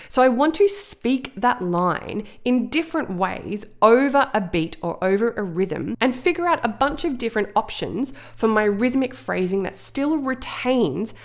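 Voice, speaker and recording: A woman teaching songwriting in a video lesson, explaining ideas clearly and with emphasis. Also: mid-range voice.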